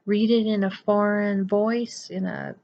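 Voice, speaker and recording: A woman's voice: medium pitch, fairly even intonation, unhurried, highs cut off. A woman giving a chatty, emphatic lecture as a college writing instructor, with playful asides. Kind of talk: recorded lecture.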